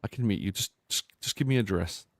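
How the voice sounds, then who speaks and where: Brief: sleepy middle-aged woman, gravelly and stumbling voiced by a man in a raised voice. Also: fairly low pitch, fast talker, no room sound, studio quality. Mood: groggy, worried. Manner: sleepy, stumbling, then sharp. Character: groggy middle-aged woman woken at night.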